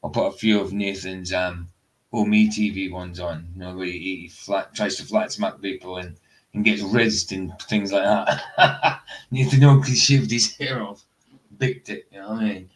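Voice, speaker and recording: A man's voice: low voice, steady tone, normal speed, poor audio. A man hosting a livestream, chatting casually to viewers in rambling asides. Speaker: livestream host. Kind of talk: casual live stream commentary.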